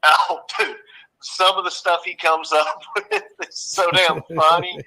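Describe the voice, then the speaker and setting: A man with a Southern drawl chats loosely on an online call. His voice sits a little high and rings very bright. He laughs often and swears casually. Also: steady tone, measured pace, rough recording. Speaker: caller. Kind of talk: casual chat.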